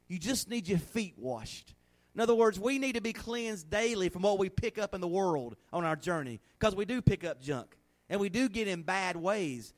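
A middle-aged man preaching a sermon in a folksy, animated way, acting out little scenes in a hushed voice. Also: high-pitched, moderate pace. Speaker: pastor.

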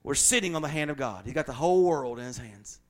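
A man with a Southern accent preaching a sermon in a folksy, joking way, swinging from loud emphatic bursts to quiet low asides. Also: expressive, quick pace.

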